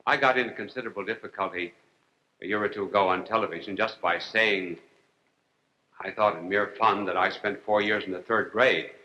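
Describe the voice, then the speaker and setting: A priest delivering a humorous televised lecture, wry and deliberate, with dry jokes and long pauses. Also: male voice, lowish voice, steady tone, sharp tone, highs cut off, a little hiss or hum. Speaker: priest and TV host.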